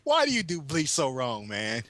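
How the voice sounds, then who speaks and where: A man chatting with friends who teases them and drops "man" and "dude" into his lines. His voice is bright and forceful, and his pitch swings widely. He sounds animated throughout. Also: normal speed, no echo. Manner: teasing, animated, says "man" and "dude" a lot. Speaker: podcast co-host. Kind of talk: casual anime chat.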